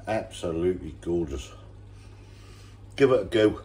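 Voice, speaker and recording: A man presenting a casual home cooking video, relaxed and enthusiastic about the food. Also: low-pitched, measured pace, long pauses.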